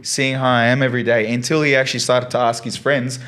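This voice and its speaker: Male guest teacher, casual rambling storyteller, middle pitch. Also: flat delivery, fast talker, fairly bright tone, smooth. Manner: earnest, rambling with many fillers. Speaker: science teacher, podcast guest.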